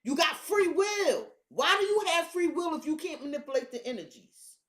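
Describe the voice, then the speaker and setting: A woman's voice: high voice, expressive, normal speed, a bit bright, echoey room. A woman giving a casual tarot reading in a hyped-up, blunt and profane manner. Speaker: tarot reader.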